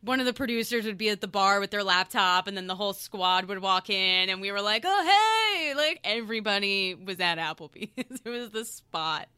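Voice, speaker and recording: A woman's voice: mid-range voice, normal speed, hardly any pauses, bright, forceful tone, clear, resonant tone, no echo, studio quality. A woman who co-hosts a TV series, chatting casually with lots of "like" and frequent laughs. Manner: laughing, chatty, uses "like" a lot. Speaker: TV series co-host. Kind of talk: casual chat.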